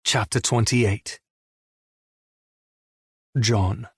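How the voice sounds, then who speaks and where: A man narrating a romance audiobook in the first person, with a subdued, intimate reading and a husky voice. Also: lowish voice, fairly even intonation, extremely slow, no room sound, clean studio sound.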